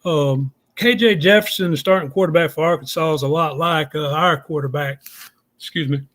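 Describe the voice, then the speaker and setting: A man's voice: fairly high pitch, moderate pace, a bit bright. A man, talking casually as a guest and explaining things step by step in a folksy, plainspoken way. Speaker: guest analyst. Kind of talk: casual podcast chat.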